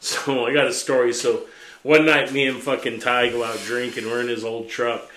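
A man's voice: medium pitch, normal speed, echoey room, slight background noise. A man, a podcast host, telling a profane, rowdy story in casual chat. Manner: profane, animated storyteller, laughs through his punchlines.

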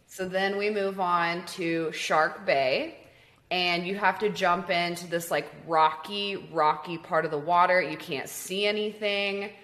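A young woman telling a story in casual chat, animated, swearing freely and saying "like" a lot. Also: on the low side, a little slow.

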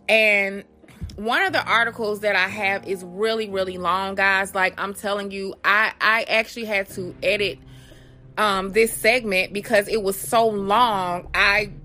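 A woman's voice: mid-range voice, pushed and bright. A woman hosting a solo podcast, talking earnestly and casually, reading out figures with small restarts. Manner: earnest, conversational, reads statistics aloud with restarts. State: has the hiccups. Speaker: podcast host.

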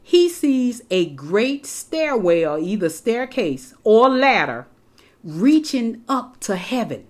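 A woman's voice: a little high, sing-song, slow. Woman preacher, sermon delivery, emphatic, repeats key phrases, talks straight to the congregation. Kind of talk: sermon, Bible teaching.

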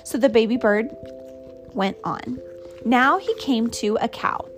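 A woman reading a picture book aloud to her child in an expressive, sing-song storytelling manner. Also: fairly high pitch, unhurried, soft background music.

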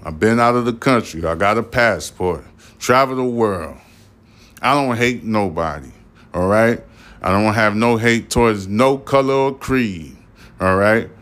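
A man's voice: on the low side, unhurried, a bit bright. A man from talks through the news on his own podcast. His words come out a little slurred. He keeps repeating points and firing rhetorical questions at the listener. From Brooklyn, New York. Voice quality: slightly slurred speech. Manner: repetitive, emphatic, rhetorical questions. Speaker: podcast host. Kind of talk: spoken news commentary.

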